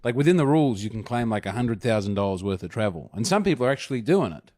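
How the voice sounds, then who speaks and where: An Australian man in casual comedic podcast banter, dry and deadpan. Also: mid-range voice, fast talker.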